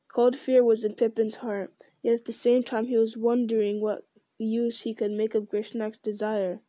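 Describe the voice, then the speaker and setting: A woman reading a novel aloud in an even, unhurried way, with the odd small restart. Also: a little high, no echo. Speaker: audiobook reader.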